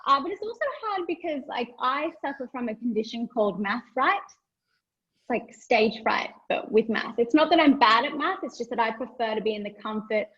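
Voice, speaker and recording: Australian woman comic, high voice, playful self-mockery, lo-fi stage recording. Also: animated, normal speed, a bit bright. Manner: self-mocking, playful, laughs between jokes. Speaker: stand-up comedian. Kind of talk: stand-up set.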